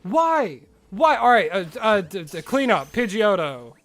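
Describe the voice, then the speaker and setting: A man's voice: high-pitched, very animated, a little slow, a bit bright. A man streaming a video game in casual live-stream chat, rambling and exclaiming to himself as he plays.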